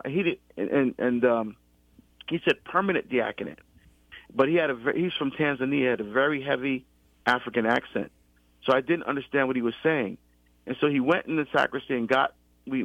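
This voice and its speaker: A middle-aged deacon from the US East Coast tells his story in a conversational faith talk, restarting often and animating quoted exchanges. His medium-pitched voice has no room sound, and the recording sounds dull and lo-fi.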